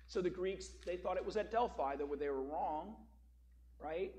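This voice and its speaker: A man's voice: high voice, normal speed, dark tone, slight background noise. A man preaching a sermon as a pastor, telling a story and then explaining scripture with emphatic, rising stress on key words.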